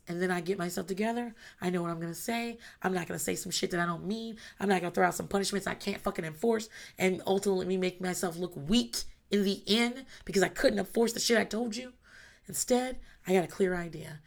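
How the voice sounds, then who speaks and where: A woman's voice: lowish voice, vocal fry. A mother in her thirties talking candidly about parenting, blunt and emphatic, swearing freely. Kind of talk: casual monologue.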